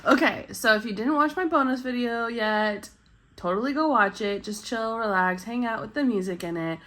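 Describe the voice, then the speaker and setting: A woman hosting her budgeting channel in casual chat, upbeat and chatty, her voice husky with morning voice and a coming cold. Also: fairly high pitch, expressive, moderate pace, bright, forceful tone.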